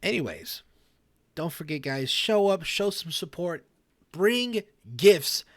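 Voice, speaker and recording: A goofy talk show host, played by a man jokes his way through role-play banter. His voice sits a touch high and swings widely up and down as he stumbles over restarts. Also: lively intonation, slow, no echo, studio quality. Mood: easygoing banter. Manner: joking, stammering restarts.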